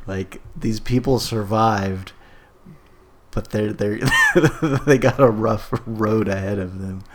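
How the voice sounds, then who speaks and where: A young man chatting casually about films, easygoing and halting, laughing often. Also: lowish voice, fairly bright tone, a little hiss or hum. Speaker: podcast co-host. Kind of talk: casual movie review chat.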